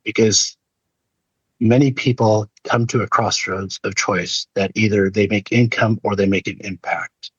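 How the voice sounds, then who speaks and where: A man's voice: fairly low pitch, fairly even intonation, unhurried, husky, no room sound. A middle-aged man telling a personal story in an earnest, preacher-like keynote talk. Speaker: leadership speaker. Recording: dull lo-fi dry recording.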